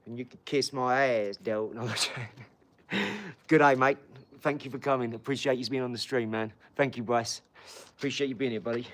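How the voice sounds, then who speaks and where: A man's voice: mid-range voice, steady tone, normal speed, a little hiss or hum. Hyped man chatting on a live stream. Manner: hyped, slangy, calls viewers "dog" and "mate". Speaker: livestream host. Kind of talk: casual live-stream chat. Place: home garage.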